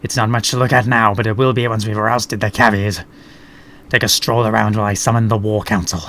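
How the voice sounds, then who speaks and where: A man's voice: on the low side, little pitch movement, brisk, slight background noise. A man doing a proud rat chief engineer. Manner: warm, proud.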